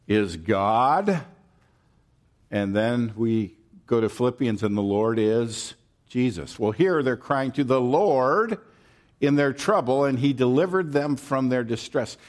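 Guy preaching a sermon, slow easy delivery, medium voice, chatty storytelling, keeps checking in with the crowd. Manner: animated storytelling, acting out the disciples' panic in a high voice.

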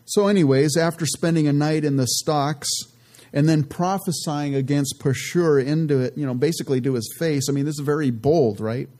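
Man, Bible teacher, mellow warm tone, earnest conversational delivery with plenty of asides. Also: on the high side. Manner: earnest, relaxed, many "you know" asides; reads scripture aloud slowly and deliberately.

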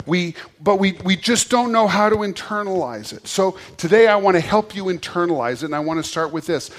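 A man's voice: high-pitched, a bit bright. A pastor preaching a conversational sermon, leading his congregation to repeat phrases and often restarting words.

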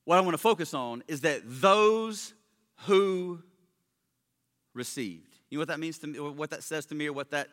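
Male pastor, casual excitable sermon, high voice; long hall reverb. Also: very fast, hardly any pauses. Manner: conversational, excitable, slangy.

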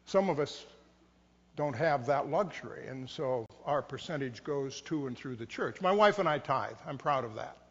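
A man's voice: mid-range voice, animated, moderate pace. A middle-aged man preaching as a pastor, conversational and self-mocking, acting out the inner voices of his listeners. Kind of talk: sermon. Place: church sanctuary. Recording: dull sound, long reverb in a church.

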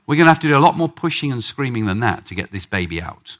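A man preaching a sermon in church, animated, acting out prayers with big swings in pitch and loudness. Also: quick pace, few pauses.

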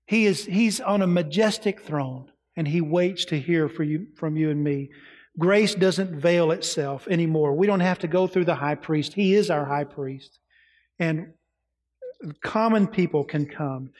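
Male pastor, slightly higher voice, sermon delivery with questions and hushed moments, reverberant hall. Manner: asks the congregation questions, drops to soft quiet tones.

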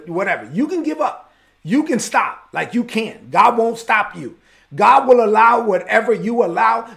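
High-voiced gravelly male preacher. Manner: emphatic, conversational preaching. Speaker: pastor. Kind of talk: sermon.

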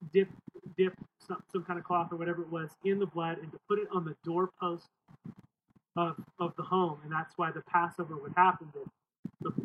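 Man preaching outdoors, emphatic, repeats himself, loud wind noise behind. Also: on the high side. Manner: emphatic preaching with repeated phrases and call-and-response. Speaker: pastor. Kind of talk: outdoor sermon. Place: outdoors, windy. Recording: tinny phone-like sound with wind noise.

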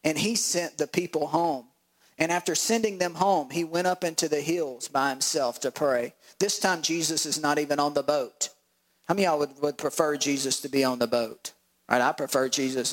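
Guy preaching, lively, slips into voices, bit higher pitched. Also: normal speed, rough recording. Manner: animated, acts out voices of disciples with laughs. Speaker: pastor. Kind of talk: sermon.

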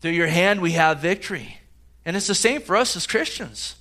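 High-voiced man preaching a sermon. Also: animated, moderate pace, bright, forceful tone. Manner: emphatic preaching with rhetorical questions. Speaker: pastor. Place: church service.

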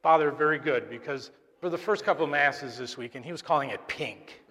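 Chatty homily from a man, high voice. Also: bright, forceful tone. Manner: chatty, halting, joking with the congregation. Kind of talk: conversational sermon. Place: church during Mass. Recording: long church reverb.

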